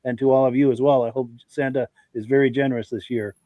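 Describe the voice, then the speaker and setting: A man with a stuffy, congested voice hosts a live podcast, reading out viewer comments and greeting each person by name in a friendly, folksy way. His pitch sits in an ordinary middle range. The sound is dry and close, with almost no room echo. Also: fairly even intonation, fast, muffled recording. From Vermont. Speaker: podcast host.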